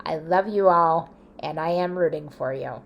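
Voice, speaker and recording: A woman vlogger talking casually to camera, chatty and playful, laughing often and drifting into soft asides. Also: deep voice, normal speed, muffled recording, a little hiss or hum.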